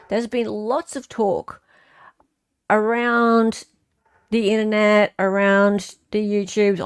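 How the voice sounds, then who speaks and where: An Australian woman hosting a casual livestream, chatting with viewers, reading their comments, and ranting freely. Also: on the high side. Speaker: livestream host.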